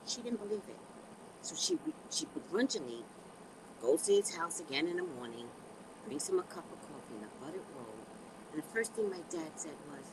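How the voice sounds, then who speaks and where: A woman's voice: lowish voice, a little slow, pauses often, background noise. New york lady host, middle aged, chatty and dramatic, lots of ups and downs in her voice. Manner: animated storytelling with comic asides. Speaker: show host. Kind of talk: casual talk show monologue.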